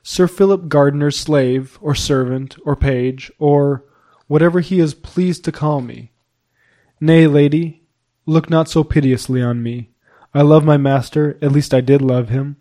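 Man doing a sorrowful young page boy, pleading, half-choked, mellow timbre. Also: a little high, fairly even intonation, measured pace, lightly acted. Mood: imploring. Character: melancholy young foreign male page, tearful and imploring.

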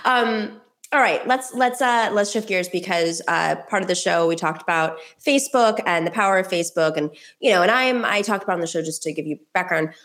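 Woman host, political interview, low-pitched, talkative with restarts. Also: fairly quick, a bit bright. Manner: chatty, many restarts and fillers. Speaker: talk show host.

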